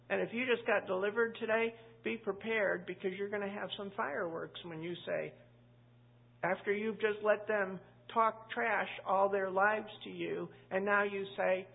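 A woman teaches the Bible to a church group in a conversational, emphatic voice. Her tone is gravelly and a little husky. The audio is tinny and lo-fi, like a phone line. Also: mid-range voice, fairly even intonation, normal speed. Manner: conversational, emphatic, quotes scripture. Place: church room with a live group.

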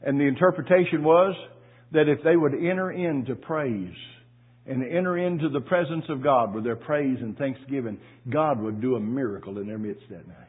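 A middle-aged man, a pastor, preaching a folksy sermon with stories, repeating his words and rising into loud exclamations. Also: mid-range voice, normal speed, slightly rough. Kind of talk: sermon with storytelling. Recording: tinny phone-like audio.

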